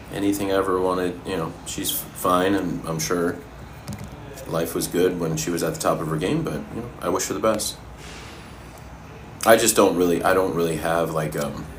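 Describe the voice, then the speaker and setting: A man coaching fitness and answering viewers' questions in a relaxed, casual way while eating, sometimes talking with his mouth full. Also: low voice, noisy background. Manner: relaxed, talks with his mouth full, pauses mid-sentence.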